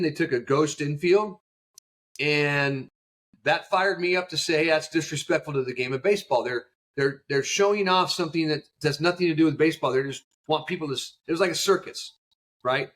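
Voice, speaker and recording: Man, middle-aged, youth coach, emotional storyteller, fired up, slightly high voice. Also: a bit bright. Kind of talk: podcast interview.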